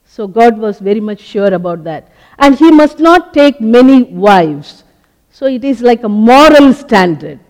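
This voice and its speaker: Slow high-voiced preacher in a hall. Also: male voice, sing-song. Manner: slow, deliberate teaching with many short pauses. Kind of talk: sermon. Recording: long hall reverb.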